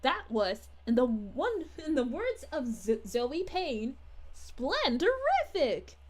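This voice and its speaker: A woman's voice: high voice, big pitch swings, slow pace, a little mellow, a little hiss or hum, full character voice. A woman voicing a sweet, bubbly young princess who chats with her livestream audience, gushing and giggly in a sing-song way. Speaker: character streamer reading chat. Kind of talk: in-character livestream chat.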